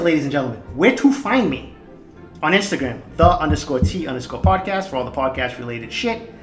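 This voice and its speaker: A man's voice: medium pitch, reverberant. Heated, swearing man with a Boston accent. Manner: heated, profane, emphatic. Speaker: podcast host. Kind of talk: solo podcast rant.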